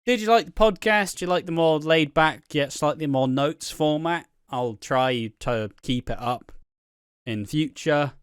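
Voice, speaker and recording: A man's voice: fairly high pitch, a little slow, clean tone, no echo, clean studio sound. A young man hosting a podcast in casual, sweary, laid-back chat. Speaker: podcast host.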